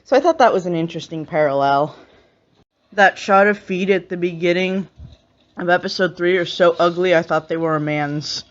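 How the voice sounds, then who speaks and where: A woman hosting a reaction video speaks at a moderate pace with a fairly low pitch. Her commentary is sarcastic and relaxed, punctuated by frequent laughter, captured on a slightly muffled lo-fi recording.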